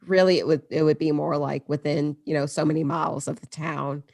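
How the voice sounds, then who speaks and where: A woman's voice: low-pitched, steady tone, brisk, creaky, a little mellow, no echo, studio quality. A woman hosting a podcast and telling a story casually, moving between read passages and chatty asides. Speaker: podcast host.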